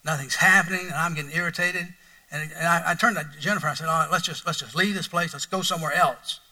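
A man's voice: a little high, steady tone, quick pace, bright, forceful tone, far from the mic, low-quality recording. A middle-aged man preaching a sermon as pastor, telling a folksy story with lots of repetition and bursts of mock outrage.

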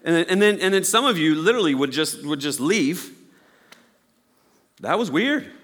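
A man's voice: fairly high pitch, expressive, brisk, fairly bright tone, long reverb tail. A man preaching a sermon as a pastor, telling a story with playful acted-out voices.

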